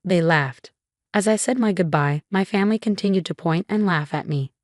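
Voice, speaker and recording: A woman narrating a first-person family drama story in a measured, even reading. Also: on the low side, dry recording, clean studio sound.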